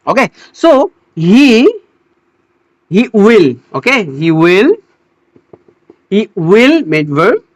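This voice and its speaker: A teacher giving a slow English grammar lesson, pausing, repeating words and restarting phrases as they explain. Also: mid-range voice, very animated, dry recording. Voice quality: non-native English phrasing.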